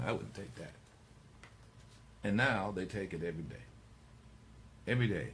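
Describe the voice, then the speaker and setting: A man's voice: low-pitched, a little hiss or hum. A middle-aged man hosting a talk radio show, rambling and digressing as he speaks to his listeners. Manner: rambling, digressive, animated storyteller.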